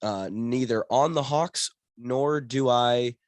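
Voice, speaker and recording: A young man with a hoarse voice from a cold, hosting his podcast in rambling, self-correcting casual talk. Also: medium pitch, slow, no echo. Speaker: podcast host.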